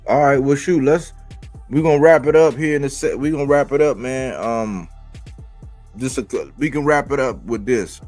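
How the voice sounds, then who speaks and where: A man's voice: mid-range voice, moderate pace, darkish tone, soft background music. A man hosting a casual boxing chat on a livestream, loose and laid-back, trailing off with fillers. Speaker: host. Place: livestream call. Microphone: video call.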